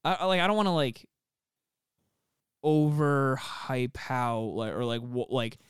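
Young male podcast co-host, rambling and profane, smooth voice, dry mic. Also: mid-range voice, unhurried, no echo. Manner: rambling, filler-heavy, swears often. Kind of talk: casual chat.

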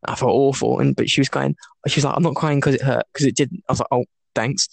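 Young guy, gravelly voice, keeps laughing mid story, dry close sound. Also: mid-range voice, steady tone, fast talker, dry recording. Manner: laughs often while telling a story, crude and joking. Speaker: podcast co-host. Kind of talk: casual chat.

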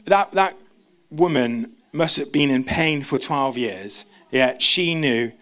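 Man, church preacher, rapid stumbling delivery, casual asides. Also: mid-range voice, expressive, pushed and bright. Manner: fast, stumbling, self-interrupting. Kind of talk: sermon.

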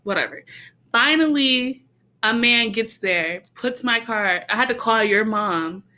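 A young woman spins a casual, animated story, laughing often as she acts out what she said and felt. Her voice sits a little high and sounds bright and forceful, and she leans on "like" and "bro" constantly. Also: unhurried. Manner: animated, laughs often while acting out her own reactions; heavy use of "like" and "bro".

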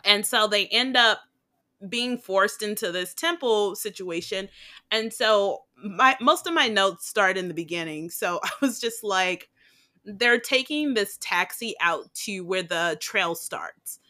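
Lady podcast host, bright voice, swears a lot, laughs and rambles. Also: medium pitch, unhurried. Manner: blunt, profane, digressive, laughs often. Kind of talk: casual chat.

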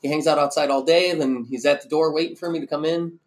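A man from Iowa, relaxed and jokey, chatting as an interview guest. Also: a little high, quick pace. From Cedar Rapids, Iowa. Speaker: school staff member, interview guest. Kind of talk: casual interview chat.

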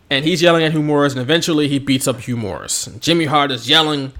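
A man's voice: fairly high pitch, brisk, pauses often, fairly bright tone. A man co-hosting a podcast in casual, jokey chat, laughing often. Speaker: podcast co-host.

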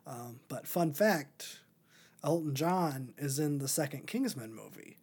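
A man's voice: a little high, lively intonation, unhurried, a little mellow, slightly rough. A man hosting a podcast, chatting casually through a movie review with many ums and restarts. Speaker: podcast host.

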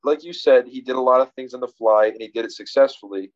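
A man's voice: mid-range voice, quick pace, muffled recording. A man in casual conversation about a film, thinking aloud with frequent restarts. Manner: rambling, many restarts and fillers, reflective. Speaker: podcast co-host discussing a film.

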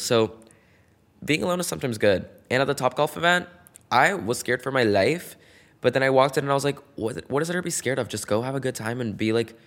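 A young man hosting a casual solo podcast, gossiping in a campy, playful way and swinging between loud bursts and soft asides. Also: on the low side. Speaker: podcast host.

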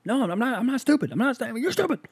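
A man's voice: extremely high pitch, very animated, fast talker, husky, dry recording, pitched above the performer's own voice, heavily acted. A man voicing his younger self as a boy, whining defensively and close to tears.

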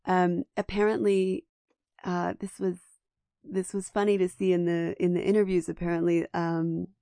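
A woman's voice: on the low side, level tone, normal speed, creaky, dark tone, no echo, studio quality. A woman co-hosting a podcast, chatting enthusiastically about a film with lots of restarts. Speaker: podcast co-host. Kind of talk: casual film discussion.

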